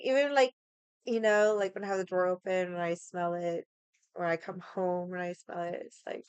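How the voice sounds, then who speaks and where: A young woman rambles in a loose, chatty way, leaning on filler words and dropping swears between thoughts. Her voice is smooth and clear, and the sound is dry and close, with no room echo. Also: medium pitch. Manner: rambling, heavy on 'like' and swearing. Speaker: streamer. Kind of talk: casual chat while drinking.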